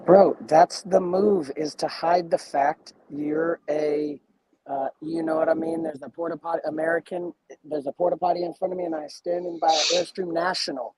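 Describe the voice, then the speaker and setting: A man's voice: a little high, flat delivery, normal speed, darkish tone, poor audio. A man joining a casual chat with rambling, philosophical remarks. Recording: crowd noise behind.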